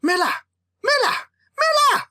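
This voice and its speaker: Woman putting on a frantic little man, shrill high yells, pompous, storybook comedy. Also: big pitch swings, unhurried, heavily acted. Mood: panicked. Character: short panicky young man, a pompous small-time businessman.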